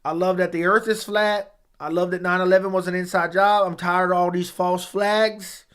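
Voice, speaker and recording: A man's voice: sits high, flat delivery, moderate pace, fairly bright tone, clear, resonant tone. A man putting on a Southern country accent to voice a boastful, conspiracy-minded redneck racing fan. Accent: put-on American Southern country accent.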